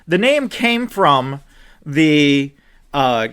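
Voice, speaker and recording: Ranting, fast-swinging man, higher voice. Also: smooth. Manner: animated, swearing, voice rising to near shouts when upset. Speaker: podcast co-host. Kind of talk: ranting sports chat.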